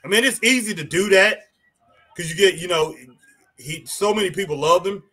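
Guy hyped up reading chat comments, kinda high bright voice. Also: moderate pace. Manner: excitable, exclaims at the action. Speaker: co-host of a live wrestling watch-along.

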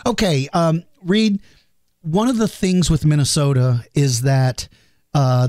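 Podcast host, male, fairly high voice, dry close-mic sound, chatty and earnest, self-deprecating. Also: a little mellow, dry recording. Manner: earnest and chatty, explains with simple comparisons; self-deprecating and apologetic over hard names. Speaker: podcast host answering listener questions. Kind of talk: casual podcast Q&A.

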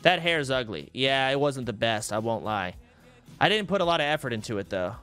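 A man's voice: mid-range voice, very animated, brisk, bright, forceful tone, clean tone, faint music behind. A young man streaming from home, telling old stories in a casual, profane, sarcastic way into a desk mic. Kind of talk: casual storytelling to a live stream audience.

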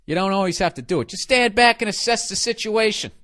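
Profane ranting comedian, fairly high voice. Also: male voice, fast talker, pushed and bright. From United States. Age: 40s. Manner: profane, sarcastic, conversational rant. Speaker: comedian podcast host.

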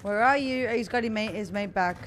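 A woman streaming a shooter game, chatting casually with her viewers and teammates, excitable and laughing often. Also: medium pitch, a little fast.

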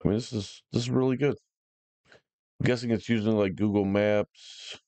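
A man with a very low, deep voice gives relaxed, joking commentary as he tries out software. His talk is casual and full of slang. The sound is dry and close, with no room echo. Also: normal speed. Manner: laid-back, joking, slangy. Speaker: YouTuber trying out software.

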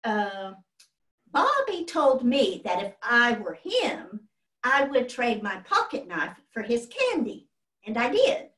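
A woman's voice: fairly high pitch, sing-song, slow pace, fairly bright tone, full character voice. A woman voicing a nervous little boy who stutters and stammers, flustered. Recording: roomy hall from a distant mic.

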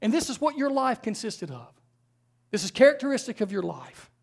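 A man's voice: very high voice, sing-song, fairly quick, creaky. A man preaching a sermon in a church, conversational, with frequent rhetorical questions. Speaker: pastor. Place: church sanctuary.

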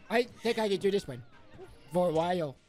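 A man's voice: high voice, voice pushed up, exaggerated voice. A man putting on a goofy, hammy voice that is not his normal speech. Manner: playful, hammy and fidgety. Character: goofy silly put-on man's voice.

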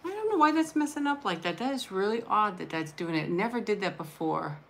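A woman hosting a casual live stream, chatting warmly and gushing, thanking viewers one by one. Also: mid-range voice, expressive, fairly quick, creaky. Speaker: livestream host showing handmade junk journals.

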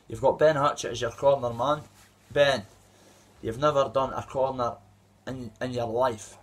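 A Scottish man in his thirties, an amateur fighter, delivering an aggressive, rambling trash-talk callout to a rival. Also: mid-range voice. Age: 30s. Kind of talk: trash-talking callout video.

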